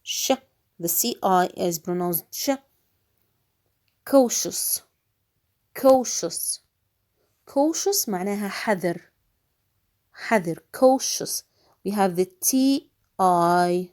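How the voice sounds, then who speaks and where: A woman teaching English vocabulary to middle schoolers in a recorded lesson. She says each word slowly and carefully, repeating it, and her voice sits in a middle pitch. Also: expressive, darkish tone. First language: Arabic. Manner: slow, drawn-out repetition of each word, switching into Arabic to explain.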